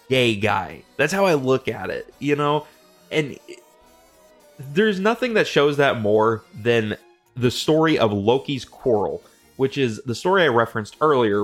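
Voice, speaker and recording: A young man casually retelling myths as a comedy host, slangy and profane, popping into quick mimicry of the characters. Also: mid-range voice. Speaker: podcast host.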